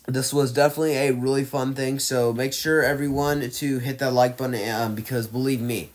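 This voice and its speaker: A man casually ranking movies on his own channel, rambling with lots of fillers and restarts, getting louder and softer as his enthusiasm rises and fades. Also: medium pitch, fairly even intonation, a little fast, few pauses. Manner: enthusiastic, swings loud and soft. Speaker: movie reviewer ranking films. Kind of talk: casual rambling tier-list vlog.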